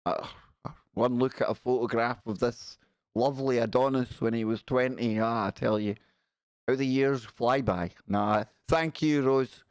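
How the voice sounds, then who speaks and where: A man's voice: mid-range voice, fairly even intonation, unhurried, clean tone, no echo, clean studio sound. A man in his forties hosting a live stream, chatting in a rambling, joking way and reading out viewer messages. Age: 40s. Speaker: live-stream show host. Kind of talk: casual live-stream chat.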